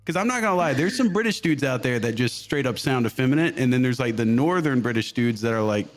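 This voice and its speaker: A man's voice: medium pitch, animated, fast talker. Joking, laughing man. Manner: jokey, laughs often, self-mocking. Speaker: guest content creator. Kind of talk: casual joking interview chat.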